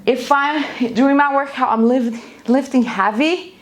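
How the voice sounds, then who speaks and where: Energetic woman coaching a live workout. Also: high-pitched, slow pace. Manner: energetic coaching cues, counting down. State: out of breath at times. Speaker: fitness instructor. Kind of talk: live workout class instruction. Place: home, near a busy street.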